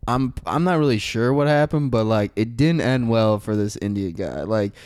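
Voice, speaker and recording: A man's voice: medium pitch, moderate pace, a little mellow, smooth, dry recording. A young man telling a story in casual podcast chat, rambling with many fillers and swear words.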